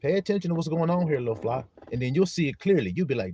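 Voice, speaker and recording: A man's voice: a little high, lively intonation, quick pace, mellow, a little hiss or hum. A man preaching a casual sermon to an online flock, firing rhetorical questions in a blunt, profane way.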